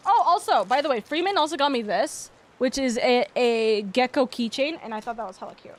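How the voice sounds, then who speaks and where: A woman's voice: fairly high pitch, animated, brisk. A young woman streaming to her viewers, chatting casually and gushing, often repeating herself. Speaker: VTuber streamer. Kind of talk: casual chat to livestream viewers.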